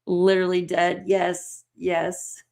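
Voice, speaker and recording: This livestream host has a lowish, gravelly voice and talks slowly. Giggly and excitable, she laughs often as she reads out viewer comments in casual chat.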